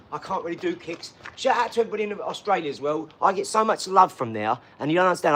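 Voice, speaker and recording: A man talking on a live stream from a home garage gym. His voice sits a little high, and a faint hiss runs under it. He chats in a boastful, enthusiastic ramble that keeps drifting into asides. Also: fairly bright tone. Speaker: fitness streamer.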